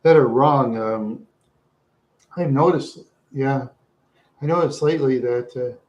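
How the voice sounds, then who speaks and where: Slow and darkish in tone, a mid-range male voice rambles through a livestream chat with viewers. The host keeps repeating himself, laughs a lot, and says "yeah" constantly.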